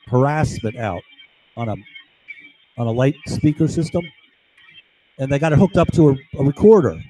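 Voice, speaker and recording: A man's voice: a little high, mellow, no room sound, rough recording. A man talking in an agitated, rambling monologue from home, with lots of restarts and asides. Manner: agitated, digressive, many restarts and "right?" tags. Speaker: vlogger.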